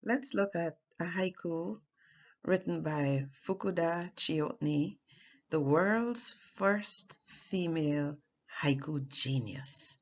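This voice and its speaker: A woman teaching artist giving a poetry lesson, speaking in a slow, deliberate way with measured pauses. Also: fairly low pitch, highs cut off.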